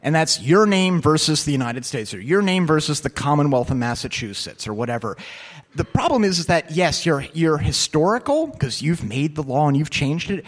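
A man who is a lawyer, giving a casual, anecdotal talk on computer crime law, acting out quoted voices. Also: on the high side. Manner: casual and profane, many fillers. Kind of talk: conference talk with audience Q&A.

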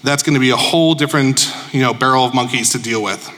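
A man's voice: medium pitch, fast, fairly bright tone. A man from Chicago giving a casual, joking conference presentation to an audience, informal and self-deprecating. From Chicago, USA. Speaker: conference speaker. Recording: echoey conference hall.

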